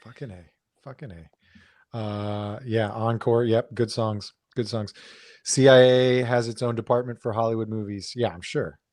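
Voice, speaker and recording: A man's voice: fairly low pitch, flat delivery, moderate pace, a little mellow, dry recording. A man co-hosting a casual chat, reading out viewer comments with dry, laconic interjections.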